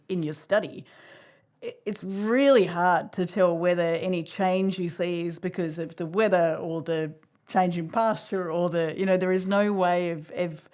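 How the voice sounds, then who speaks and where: A woman's voice: on the low side, a little mellow. A woman with an Australian accent hosting a podcast interview, talking casually and correcting herself as she thinks aloud. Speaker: podcast host.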